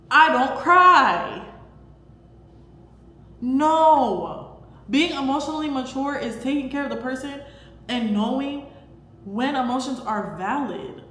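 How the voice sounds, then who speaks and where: A young woman hosting a casual faith talk to camera, chatty and emphatic, with lots of fillers. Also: on the high side. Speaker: podcast host. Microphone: camera microphone. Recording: echoey room, faint background hum.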